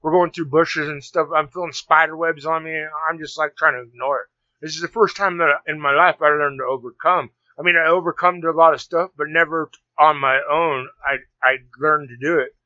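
Man, casual storytelling, rambling, restarts, bright tense voice, dry close sound. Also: fairly high pitch, brisk, no echo. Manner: rambling, animated, many restarts. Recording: dull lo-fi sound.

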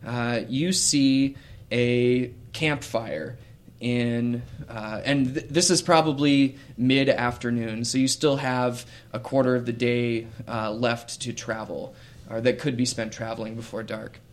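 Guy running a tabletop game, talks slow, lots of uhs and pauses. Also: medium pitch, fairly even intonation. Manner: slow, hesitant, with many fillers. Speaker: game master.

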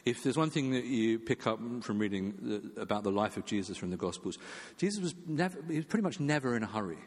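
A man preaching a sermon in a conversational way, with fillers and restarts, acting out quoted voices. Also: long reverb tail. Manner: acts out quoted voices with jumps in pitch.

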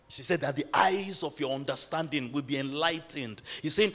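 A man's voice: a little high, moderate pace, few pauses, a bit bright. A man preaching a sermon in a church, building to emphatic bursts and calling out to the congregation. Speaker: pastor.

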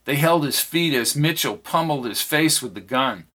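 A man narrating a thriller audiobook in a steady reading voice. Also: on the high side, normal speed.

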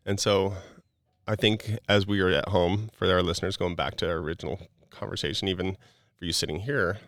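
Low, gravelly-voiced man preaching earnestly. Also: fairly even intonation, brisk, a bit bright, no echo, clean studio sound. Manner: earnest and preachy, many "like" fillers. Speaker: guest. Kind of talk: casual motivational podcast talk.

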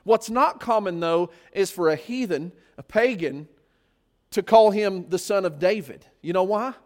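A man's voice: high-pitched, a little slow, darkish tone. A man preaching a sermon, often putting rhetorical questions to his listeners.

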